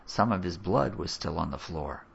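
A man narrates a story, his low voice gravelly and slightly husky. His telling rises and falls with lively expression. The recording is dull and lo-fi. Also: moderate pace. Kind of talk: audiobook narration.

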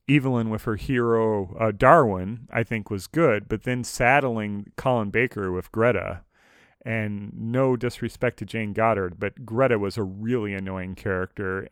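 A man co-hosting a podcast, chatting casually and thoughtfully about a story he reviewed, full of detail and quick to laugh. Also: on the low side, clean tone, dry recording, studio quality. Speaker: podcast co-host.

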